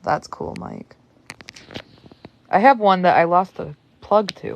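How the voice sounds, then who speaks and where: Her voice fairly low and slow, a sleepy young woman livestreams from her phone in bed at night, rambling through a late-night chat and casually swearing. The audio in her bedroom sounds dull, with a little hiss or hum.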